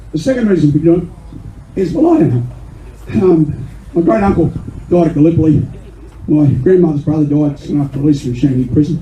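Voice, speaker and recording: An older man with an Australian accent, giving a fiery, indignant rally speech as a member of parliament and often shouting. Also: sits high. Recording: echoey room with faint noise.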